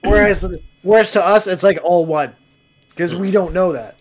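A man's voice: high-pitched, normal speed. A man chatting playfully about a movie, slipping into mock voices. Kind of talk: casual movie-watching commentary.

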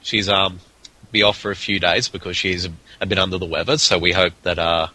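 A man's voice: sits low, little pitch movement, brisk, sharp tone, rough recording. A man with an Australian accent hosting a casual podcast, rambling with plenty of restarts and fillers. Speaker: podcast host.

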